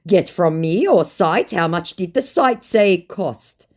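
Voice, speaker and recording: A woman's voice: fairly low pitch, lively intonation, a little slow, a little mellow, voice pushed up. A woman reading the lines of a pushy male scammer who poses as a singer, speaking in blunt, broken phrases.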